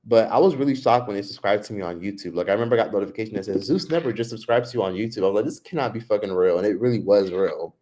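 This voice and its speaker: A man's voice: fairly low pitch, racing, hardly any pauses, mellow. A man hosting a livestream, ranting casually and profanely straight to his viewers. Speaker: livestream host.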